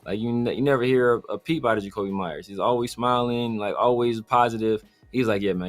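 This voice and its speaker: A man leading a sports talk show who tells stories with energy and slips into quick impressions of others. His voice is mid-pitched, with faint music in the background. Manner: animated storytelling, mimics others. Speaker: podcast host. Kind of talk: casual sports chat.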